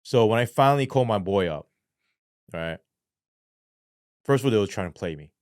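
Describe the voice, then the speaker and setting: Profane New man, low dry voice. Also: normal speed, dry recording. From New York. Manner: profane and animated, keeps asking "right?". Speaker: guest. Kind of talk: casual storytelling.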